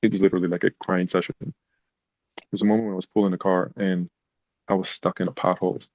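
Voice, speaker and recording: A man's voice: deep voice, fast talker, dry recording, muffled recording. A man, a podcast guest, telling personal stories in a casual, emotional way. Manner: emotional, animated retelling. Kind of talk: casual storytelling.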